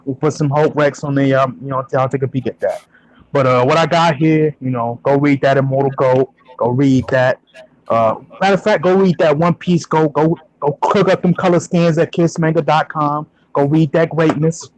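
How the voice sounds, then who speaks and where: A man's voice: a little high, fairly even intonation, normal speed, low-quality recording. Laid-back rambling podcast co-host man. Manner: laid-back, rambling recommendations with many fillers. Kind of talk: casual podcast banter.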